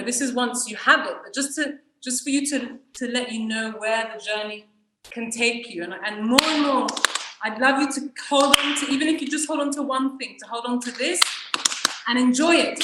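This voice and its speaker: High-pitched woman teaching flamenco, chanting the beat, roomy echo. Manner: energetic, counts rhythms aloud in syllables. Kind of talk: teaching a dance workshop. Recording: echoey room, distant mic, loud noise.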